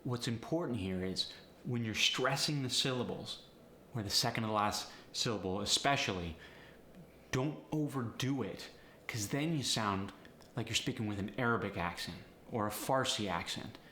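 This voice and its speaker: A man coaching actors through an accent lesson in brisk, encouraging explanations. His voice is bright and sharp. It echoes around a roomy space over a faint hum of room noise. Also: fairly low pitch. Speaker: dialect coach. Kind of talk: accent tutorial.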